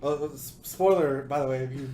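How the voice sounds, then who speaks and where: A man co-hosting a casual podcast chat, excitable and jokey, laughing often. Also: mid-range voice, normal speed, echoey room, background noise. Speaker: podcast co-host.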